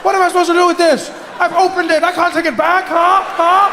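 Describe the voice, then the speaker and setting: A man putting on a high, whiny young boyfriend who nags and pleads, his voice jumping up sharply into yelling complaints. It rings out in a big echoey hall over a crowd's murmur. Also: very fast, slight background noise. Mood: whining. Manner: whining, nagging, shouting complaints. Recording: stage hall with live audience.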